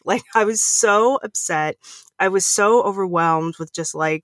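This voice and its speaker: A woman's voice: fairly low pitch, unhurried, fairly bright tone, no room sound, clean studio sound. A woman speaking as a podcast guest in casual conversation, stuttering often and repeating first sounds before words. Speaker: podcast guest, empathy consultant.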